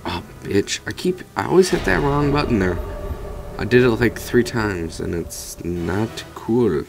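A man's voice: lowish voice, animated, a little slow, creaky, over music. A man giving rambling let's play commentary over a video game, swearing casually at it. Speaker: gamer commentator.

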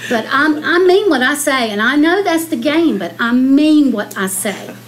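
A woman's voice: high voice, expressive, a little slow, low-quality recording. A middle-aged woman, a county commissioner, speaking bluntly and with emotion in a public meeting debate.

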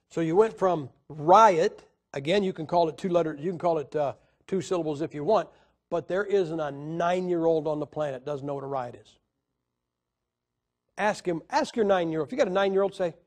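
A man's voice: on the high side, moderate pace, a little mellow. A man teaching a Bible class in a lecture style, asking his listeners questions and counting out syllables for emphasis. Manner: emphatic, asks the audience questions.

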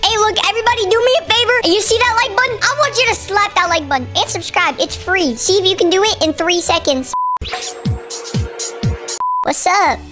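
A man's voice: extremely high pitch, fairly quick, music in the background, pitched above the performer's own voice. A man voicing a cheeky, taunting baby boy through a baby voice filter while prank trolling strangers on video chat.

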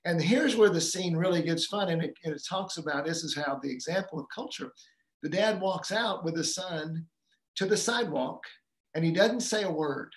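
A man speaking on a live community call about fathering, retelling a film scene in a halting, storytelling way with many fillers. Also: fairly high pitch, reverberant.

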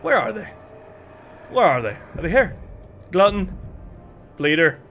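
A man with a Northern Irish accent, commentating live on his gameplay in an excitable, chatty way, calling out to his viewers. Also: sits high, unhurried. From Northern Ireland. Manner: excitable, chatty, calls viewers lads and chat. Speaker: game streamer. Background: music.

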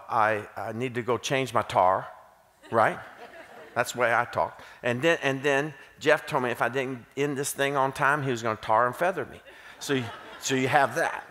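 A man's voice: medium pitch, bright, forceful tone. A man from Kentucky with a Southern accent, preaching to a church as a guest speaker, telling jokes and stories in between. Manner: joking, self-deprecating storyteller. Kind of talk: sermon with folksy humor. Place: church auditorium. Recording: long hall reverb.

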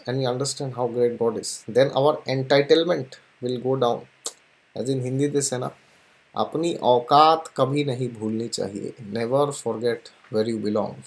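Hosting a spiritual and astrology channel, a mid-pitched man talks casually to camera about spirituality. He's lively and animated, says "yes" again and again, and laughs between points.

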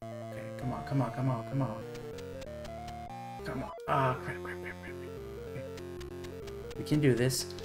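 A man's voice: medium pitch, fairly even intonation, normal speed, long pauses, loud music behind the voice. A man streaming an old video game, muttering and cursing to himself under stress, with wry asides. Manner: wry, self-mocking asides. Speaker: streamer playing retro games. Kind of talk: live gameplay commentary.

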